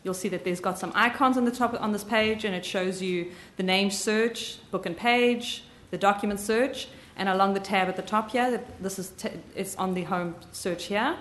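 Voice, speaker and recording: Woman with a soft southern drawl. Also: medium pitch, normal speed, hardly any pauses, slight background noise. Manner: chatty, self-correcting, frequent ums. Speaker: software trainer. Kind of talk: live software training demo.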